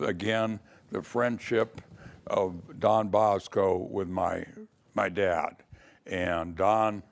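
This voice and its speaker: An older man's gravelly voice, sitting on the low side, carries this casual spoken memoir of his early career as a lawyer. He narrates it as a story and imitates the voices of those he quotes.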